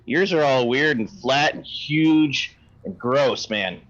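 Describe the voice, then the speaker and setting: A man's voice: mid-range voice, animated, takes it slowly, a bit bright, dull audio. A man voicing a small, greedy male fae creature who haggles bluntly.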